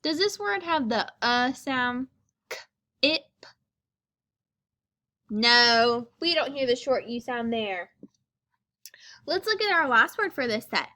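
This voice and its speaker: A woman with a fairly high, sharp, sing-song voice teaches young children a phonics lesson. She sounds out words slowly, stretching each sound, and asks encouraging sing-song questions.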